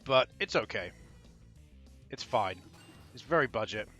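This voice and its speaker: Chatty bright-voiced gaming host. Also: male voice, on the low side, animated, a little slow, faint music behind. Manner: rambling, chatty, laughs and trails off often. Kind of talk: casual game commentary.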